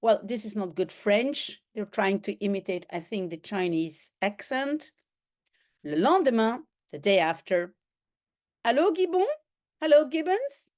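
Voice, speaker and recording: A woman teaching a French lesson by reading a comic aloud, translating as she goes, with sound effects and acted lines. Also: medium pitch. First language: Dutch. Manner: slow, animated reading with sound effects and quoted voices. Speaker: language teacher.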